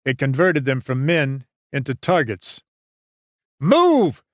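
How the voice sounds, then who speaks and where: Brief: male audiobook narrator, mid-pitch, measured and dramatic, dry studio sound. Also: dry recording. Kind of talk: scripted narration.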